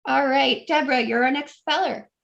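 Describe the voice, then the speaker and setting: High-pitched woman, spelling bee host on a video call, courteous and encouraging. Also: normal speed, creaky, a bit bright, highs cut off. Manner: polite, apologetic, encouraging. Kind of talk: reading words on a video call.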